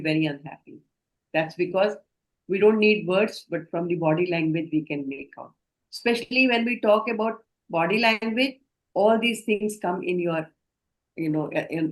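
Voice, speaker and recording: Indian lady trainer doing a healthcare communication class, measured and explainy, keeps asking the group stuff. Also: fairly low pitch, rough recording. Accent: Indian English. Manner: measured, explanatory, often asks the group questions. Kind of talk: online training lecture.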